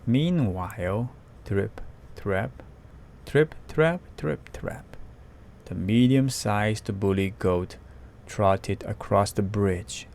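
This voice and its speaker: A man reads a children's picture book aloud at a very slow, careful pace. His voice is low, and he voices the sound effects as he goes. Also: gravelly, a little mellow, slight background noise. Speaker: storyteller.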